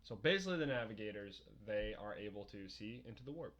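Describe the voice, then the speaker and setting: A young adult man co-hosting a podcast, chatting casually about a book, rambling and profane and quick to laugh. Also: on the low side, lively intonation, fairly bright tone. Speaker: podcast co-host. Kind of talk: casual book-discussion chat.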